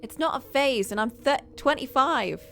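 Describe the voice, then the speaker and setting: A woman's voice: high voice, animated, normal speed, gravelly, fairly bright tone, faint music behind, voice pushed up, heavily acted. A woman reading the lines of a tired, stubborn young woman arguing with her mother. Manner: tired, defensive replies. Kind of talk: reading game dialogue aloud.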